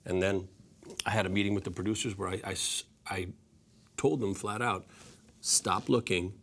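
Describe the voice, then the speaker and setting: A man's voice: deep voice, fairly even intonation, a little fast. A man in his forties, a guest actor in an interview, easygoing with many restarts. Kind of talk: interview talk.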